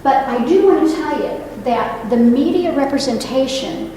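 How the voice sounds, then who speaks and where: In a library meeting room, a nurse past sixty-five gives an earnest public talk, engaging the audience with asides and questions. Her voice sits high and mellow, animated at a normal speed with hardly any pauses. The recording comes from a distant mic in an echoey hall, with slight background noise.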